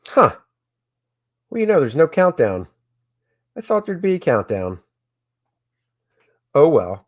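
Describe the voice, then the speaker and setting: A man who makes comics, chatting excitedly with viewers on a casual crowdfunding livestream from home. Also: a little high, slow, long pauses. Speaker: comic creator hosting a crowdfunding stream.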